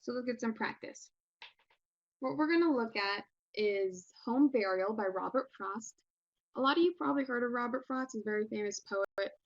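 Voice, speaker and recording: A woman's voice: a little high, moderate pace, no echo, lo-fi sound. A woman teacher giving a recorded online lesson in a casual, encouraging way with many fillers.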